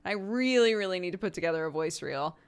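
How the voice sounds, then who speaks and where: A woman's voice: lowish voice, animated, fast talker, clean tone. A woman who streams and voice-acts, chatting casually with her viewers and laughing often. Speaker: streamer and voice actor. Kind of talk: casual chat answering chat.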